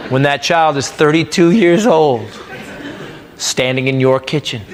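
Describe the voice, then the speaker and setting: A man doing a stand-up comedy set, ranting and shouting his punchlines on a club stage. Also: fairly high pitch, a little slow, very noisy. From United States. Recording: live club recording, loud crowd laughter. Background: audience laughing.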